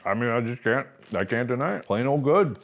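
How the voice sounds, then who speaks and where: A man's voice: mid-range voice, animated, a little fast, a little hiss or hum. A man in his thirties hosting a casual snack review, joking and rambling, sometimes talking with his mouth full. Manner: jokey, rambling, talks while chewing.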